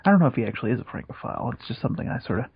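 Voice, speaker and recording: A man co-hosting a podcast in casual comedic chat, deadpan and rambling with many fillers. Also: medium pitch, racing, creaky, husky. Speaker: podcast co-host. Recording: dry, dull lo-fi sound.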